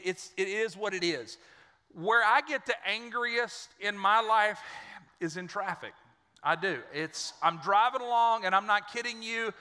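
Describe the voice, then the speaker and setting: A middle-aged man preaching to his church in a high, very bright voice. He tells folksy, joking stories as he builds toward his point. His words trail off in the long reverb of a large church hall. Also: clear, resonant tone. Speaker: pastor. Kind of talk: sermon. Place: church auditorium.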